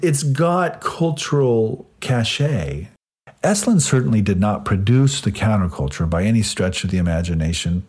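A man's voice: on the low side, a little mellow, husky. A man answering in an interview, explaining at length in a thoughtful, storytelling way. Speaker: interview guest.

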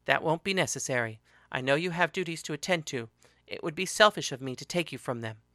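A man voicing a cold, ruthless young woman fighter in a read-aloud story, speaking low and controlled. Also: lively intonation, a little fast, sharp tone, dry recording, studio quality. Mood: polite.

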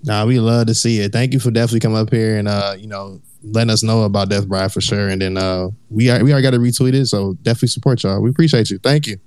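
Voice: medium pitch, steady tone, rapid-fire, hardly any pauses, darkish tone, a little hiss or hum. A podcast host in casual chat, laid-back, thanking the guests.

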